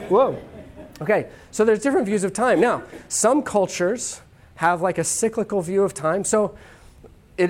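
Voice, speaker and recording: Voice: medium pitch, a little mellow. Teacher talking loose and chatty, lots of little asides. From United States. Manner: chatty, checks in with "okay?", quick asides. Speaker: lecturer. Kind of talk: informal classroom lecture.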